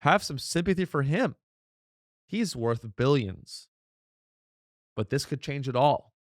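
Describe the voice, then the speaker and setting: A man at an ordinary pitch rants in a sarcastic, mock-outraged comedic monologue, piling up rhetorical questions and restarting his sentences. The sound is close and dry, with no room around it. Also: expressive, takes it slowly, no room sound. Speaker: comedy podcast host.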